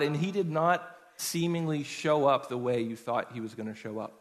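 A man's voice: mid-range voice, moderate pace. Man preaching in a reverberant hall. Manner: conversational, personal storytelling. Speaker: pastor. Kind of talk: sermon.

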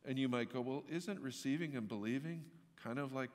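A male pastor preaching at a middle pitch in a casual, storytelling way, now and then bursting into loud, emphatic lines. His voice rings out with a long reverb tail, as in a church hall. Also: fairly quick. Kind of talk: sermon.

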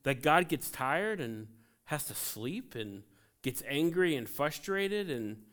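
Smooth-voiced pastor, joking storyteller. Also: male voice, on the high side, takes it slowly. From Ohio, USA. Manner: conversational, joking, animated storytelling. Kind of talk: sermon with personal stories. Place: church sanctuary.

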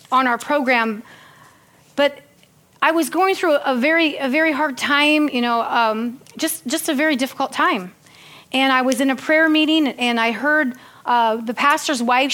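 A woman's voice: sits high, a bit bright. A woman preaching a sermon, reading scripture earnestly and breaking into chatty, laughing asides.

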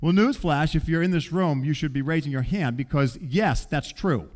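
Man in middle age, pastor preaching; slightly high voice, conversational and animated. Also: normal speed. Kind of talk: sermon.

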